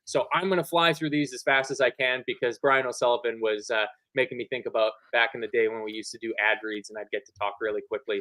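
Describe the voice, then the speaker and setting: A man's voice: medium pitch, steady tone, quick pace, hardly any pauses, pushed and bright. A man hosting a casual football reaction show, joking and swearing while reading out quotes at speed. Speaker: podcast host. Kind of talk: casual match-reaction chat.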